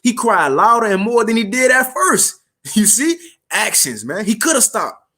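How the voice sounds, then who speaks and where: A man preaching a casual street sermon, reading scripture slowly and formally, then explaining it in slang and checking in with his listeners. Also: high voice, very animated, bright, forceful tone.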